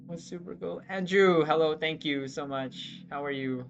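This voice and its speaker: A live streamer chatting with viewers, excitable, exclaiming and often laughing. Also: mid-range voice, normal speed, background noise.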